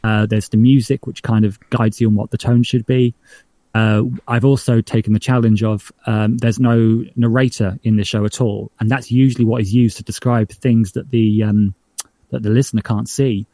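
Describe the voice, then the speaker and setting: A man's voice: on the low side, little pitch movement, moderate pace, mellow, no echo. A man from northern England, a podcast showrunner, talking in a casual interview with hesitant, filler-heavy speech. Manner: rambling, hesitant, many fillers and restarts.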